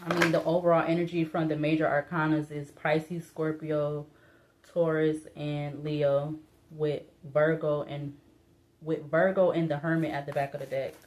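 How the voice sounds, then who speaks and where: Low-voiced woman giving a tarot reading. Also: flat delivery, moderate pace, a little mellow. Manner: musing, hesitant, many fillers and restarts. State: voice breaking up. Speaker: tarot reader.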